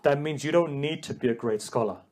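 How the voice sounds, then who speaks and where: A man's voice: fairly high pitch, a little fast, darkish tone, a little hiss or hum. A man delivering an emotional religious sermon, addressing the congregation directly and building to a raised, pleading delivery. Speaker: preacher.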